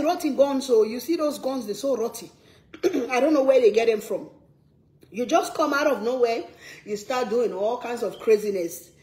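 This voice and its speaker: A woman's voice: fairly high pitch, mellow, reverberant. Earnest Sierra Leonean woman vlogging. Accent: Sierra Leonean English. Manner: earnest, emphatic, repeats phrases. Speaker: cooking vlogger. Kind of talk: casual vlog talk to viewers.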